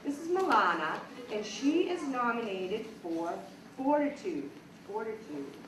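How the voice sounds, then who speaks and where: A very animated woman teacher, her voice on the high side and a little slow, warmly addresses young children as she praises them individually during an assembly award presentation. Sound comes from a distant mic in an echoey hall, with crowd noise around.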